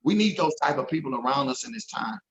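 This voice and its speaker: A man's voice: on the high side, expressive, fast talker, fairly bright tone, lo-fi sound. A man telling an emotional story as an interview guest, earnest and repeating himself when moved.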